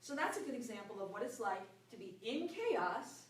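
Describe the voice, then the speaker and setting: A woman giving an earnest, reflective self-help talk about finding peace, her voice often dropping soft and low. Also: very animated, moderate pace. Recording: echoey room from a distance, faint ambience.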